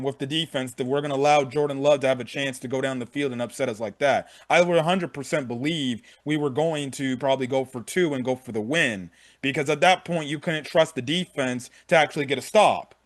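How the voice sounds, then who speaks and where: A young man giving a frank, profane game recap in casual talk, often repeating himself. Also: mid-range voice. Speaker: sports fan vlogger.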